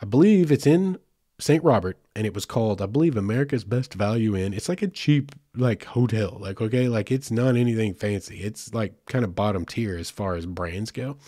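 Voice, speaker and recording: Chatty host with a mellow, dry voice. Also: male voice, lowish voice, lively intonation, normal speed, dry recording. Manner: loose, chatty, lots of fillers and asides. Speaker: podcast host. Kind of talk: casual storytelling.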